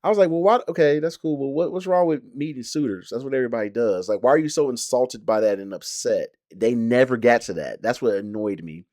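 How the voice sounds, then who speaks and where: A man's voice: medium pitch, fairly quick, hardly any pauses, a little mellow, no echo, clean studio sound. A man talking casually about a show he watched, rambling with many fillers and restarts. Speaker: show reviewer. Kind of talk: casual reaction talk.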